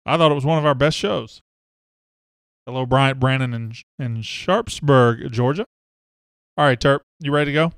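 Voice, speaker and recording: A man's voice: mid-range voice, moderate pace, pauses often, a bit bright, clean tone, no room sound, clean studio sound. A man, hosting a casual live sports talk show and greeting viewers by name and hometown. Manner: chatty, reads out viewer names and hometowns.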